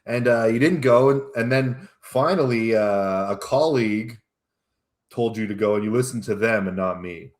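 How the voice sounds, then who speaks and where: A man's voice: medium pitch, moderate pace. A man co-hosting a comedy talk show, chuckling a lot and hesitating with fillers as he trades banter. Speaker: returning co-host.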